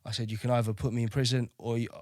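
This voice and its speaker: Male navy veteran, thirties, mid-pitched, candid and profane, dry close recording. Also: flat delivery, very fast, a little mellow, no echo. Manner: blunt, swears freely, keeps asking "do you know what I mean". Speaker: podcast guest, navy veteran.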